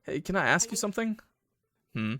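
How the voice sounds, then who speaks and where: A man reading game dialogue aloud, voicing a shy, polite young woman who talks in a soft, hesitant way. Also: high-pitched, big pitch swings, fairly quick, a little hiss or hum, pitched above the performer's own voice, heavily acted.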